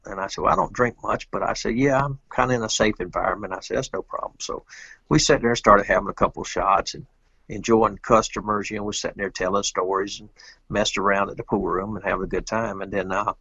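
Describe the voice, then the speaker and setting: A man's voice: on the low side, steady tone, fast talker, pushed and bright, slightly rough, dry recording, muffled recording. A man, a guest telling a rambling, folksy story with loose grammar in casual chat. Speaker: interview guest, pool player.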